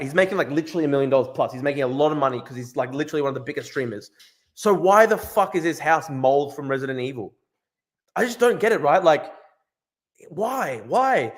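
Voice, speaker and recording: Male streamer host, foul-mouthed and incredulous, fairly high voice with big swings in pitch. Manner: profane, incredulous, repeats himself. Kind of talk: casual livestream rant.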